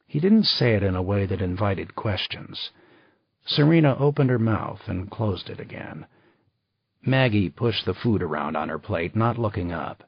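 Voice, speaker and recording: Husky man narrating a thriller audiobook. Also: lowish voice, animated, a little slow, dry recording. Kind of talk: scripted narration. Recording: slightly dull dry recording.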